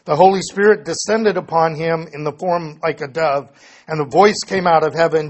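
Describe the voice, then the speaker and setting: Husky-voiced man teaching a Bible lesson. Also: a little high, normal speed. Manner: reads passages aloud then explains them plainly, with frequent self-corrections. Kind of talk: Bible study lesson reading and explaining scripture.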